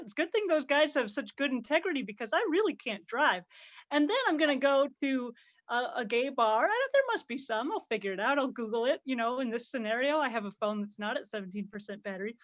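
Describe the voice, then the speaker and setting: A woman's voice: high voice, lively intonation, quick pace, fairly bright tone, no room sound. A woman comedian arguing her side in a casual comic debate, rambling and self-mocking. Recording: dull lo-fi call audio.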